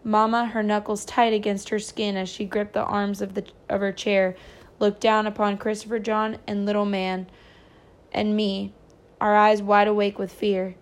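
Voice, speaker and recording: A woman reading a novel chapter aloud, pausing for casual, chatty recaps with small stumbles. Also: mid-range voice, level tone. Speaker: reader.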